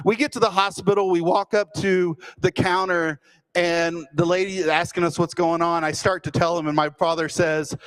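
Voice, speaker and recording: A man from Texas, telling a humorous personal story with self-deprecating, deadpan timing. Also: high voice, moderate pace, clear, resonant tone. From Fort Worth, Texas.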